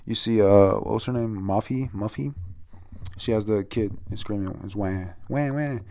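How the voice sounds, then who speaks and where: Low gravelly man rambling through a review. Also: normal speed, dark tone, a little hiss or hum. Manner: rambling, stumbles over names, laughs often, swears. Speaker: manga chapter reviewer. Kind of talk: casual chapter review read-aloud.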